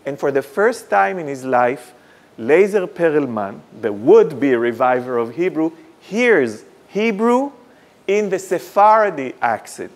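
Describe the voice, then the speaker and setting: A man from Israel, giving a lively, dramatic storytelling lecture full of wry asides. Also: fairly high pitch, slow. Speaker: guest lecturer.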